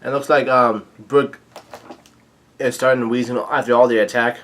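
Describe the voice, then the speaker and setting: A man's voice: medium pitch, steady tone, moderate pace, a bit bright, slight background noise. A man casually reading a comic chapter aloud and recapping it, hesitant with frequent ums and restarts. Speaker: manga reader-reviewer.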